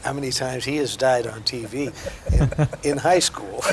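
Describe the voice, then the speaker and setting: Older male friend of the guest, gravelly, halting delivery, noisy recording. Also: medium pitch. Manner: halting, repeats words. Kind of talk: casual chat. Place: local TV studio.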